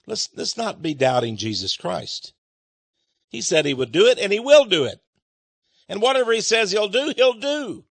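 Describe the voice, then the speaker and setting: A male preacher with a high, swooping voice, reading scripture and explaining it with emphasis. He fires rhetorical questions at his listeners and chuckles between points. The recording is dry and close, with no room sound. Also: big pitch swings, moderate pace, gravelly, breathy edge, no room sound.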